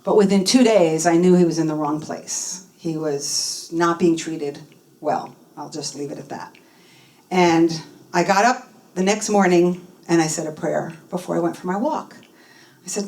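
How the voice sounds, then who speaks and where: A woman giving a personal testimony talk at a spiritual center, telling her story in an animated way and acting out the dialogue. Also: lowish voice, moderate pace. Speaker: guest speaker. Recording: voice from a distance from the mic.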